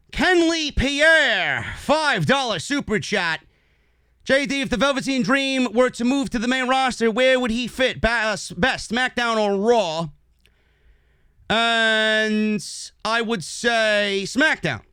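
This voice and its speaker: A man reviewing a wrestling show, ranting angrily with lots of swearing, then reading out viewer messages more calmly. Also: high voice, clean tone, no room sound, clean studio sound. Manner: angry, profane, shouting rant. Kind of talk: heated rant and live chat review.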